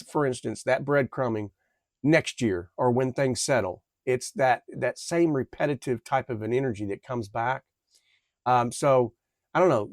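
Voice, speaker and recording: A man reads tarot cards to his viewers in a loose, rambling way. He stumbles, restarts and fills the gaps with fillers, his voice sitting at an ordinary middle pitch. The recording is close and dry. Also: no echo. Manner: rambling, halting, with many fillers and self-corrections. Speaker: tarot reader. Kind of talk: casual tarot reading to camera.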